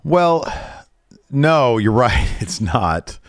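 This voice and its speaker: A man's voice: mid-range voice, sing-song, very slow, no room sound, studio quality. A man co-hosting a podcast, talking in an easygoing way with loose slang. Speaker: podcast co-host. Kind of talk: casual chat.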